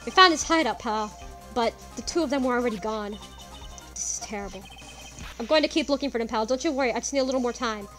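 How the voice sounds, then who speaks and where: A woman's voice: on the high side, quick pace, a bit bright, soft background music, lightly acted. A woman voicing a clumsy, loyal male police detective in a courtroom game, talking in an apologetic, folksy way. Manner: apologetic, folksy, says "pal".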